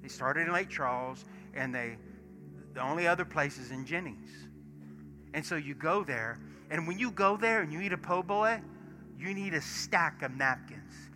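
A man, a pastor preaching in church and acting out stories, swinging from hushed asides to loud bursts. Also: on the high side, moderate pace. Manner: animated storyteller, acts out dialogue, swings from hushed to shouting. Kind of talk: sermon with storytelling. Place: church sanctuary. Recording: music playing behind sermon. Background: soft worship music.

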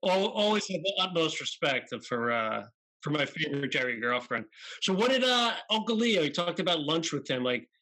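A man's voice: a little high, sing-song, normal speed, sharp tone, rough recording. A man co-hosting an interview, asking eager questions like a fan, with many fillers and restarts. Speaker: podcast co-host. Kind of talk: casual interview chat.

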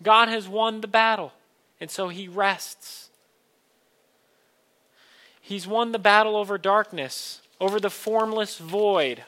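A man's voice: high voice, slow pace, pauses often, pushed and bright. A man preaching a sermon to a congregation, earnest and building to emphatic questions. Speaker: pastor.

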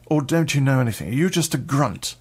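A man's voice: mid-range voice, lively intonation, brisk, husky, pitched above the performer's own voice. A man voicing a posh, condescending male police officer who mocks the person he is questioning. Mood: taunting. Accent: posh English. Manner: mocking, condescending.

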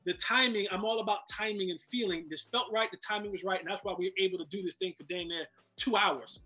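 A man telling football stories in casual chat, animated and often repeating words. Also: sits high, fast talker. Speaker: podcast host, former football player. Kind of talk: casual storytelling.

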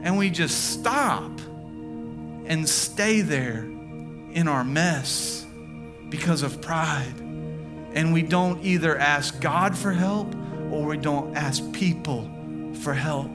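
A man in his thirties preaches a sermon, telling stories and driving points home with slow, deliberate emphasis. His voice sits a little high for a man. Music plays clearly behind him throughout. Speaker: pastor.

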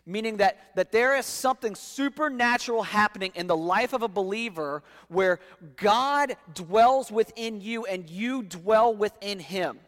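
A man's voice: sits high, fairly bright tone, big-room sound. A man preaching a sermon as pastor, emphatic, often repeating words as he reads scripture aloud.

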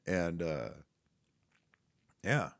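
Man, very deep voice, casual rambling monologue, profane, lots of fillers, frequent laughs. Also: very animated, drawn-out words. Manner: laughs often while talking.

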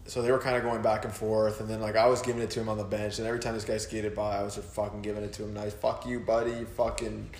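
A man's voice: lowish voice, level tone, rapid-fire, few pauses, a little mellow, roomy sound. A man hosting a casual podcast chat, telling a story in a laid-back, swearing way. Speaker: podcast host.

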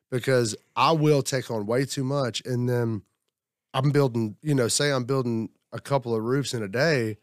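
A man in a group at a table talks casually about his week, rambling, self-reflective, and acting out what others said. His voice is mid-range, captured in a dry recording with clean studio sound.

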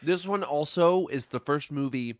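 A man's voice: a little high, moderate pace, no echo, clean studio sound. A young man hosting a casual movie podcast, joking and rambling, laughing often. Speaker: podcast host.

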